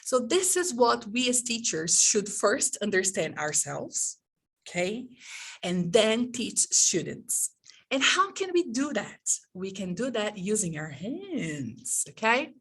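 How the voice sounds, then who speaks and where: A woman's voice: medium pitch, big pitch swings, measured pace, slightly rough. A woman leading an online teaching workshop over a video call, engaging her listeners and checking in often with "okay?" and "right?". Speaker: teacher trainer.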